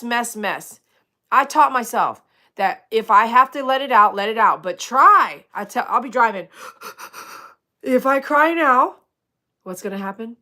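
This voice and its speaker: Bright-voiced woman giving earnest advice. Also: mid-range voice. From Texas, USA. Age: 40s. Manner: earnest, emphatic, repeats short commands. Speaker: livestream host and dog groomer. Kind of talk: casual livestream advice talk.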